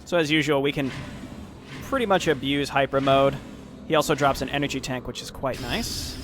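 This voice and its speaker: A man's voice: medium pitch, moderate pace. A man giving casual let's-play commentary, explaining his moves as he plays and sometimes reading game lore aloud. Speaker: gameplay commentator. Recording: game music loud underneath. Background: game music.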